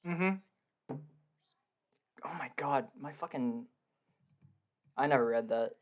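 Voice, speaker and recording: A young man chatting casually on a podcast from his home basement, excitable, swearing a lot and laughing often. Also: mid-range voice, slow. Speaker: podcast co-host. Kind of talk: casual film review chat.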